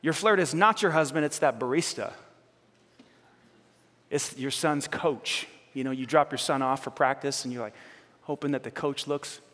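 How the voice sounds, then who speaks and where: A male pastor preaching with passion, his voice swinging from loud urgent appeals to soft, hushed words, often repeating phrases as he speaks straight to the congregation. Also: medium pitch, normal speed, long reverb tail. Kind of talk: sermon.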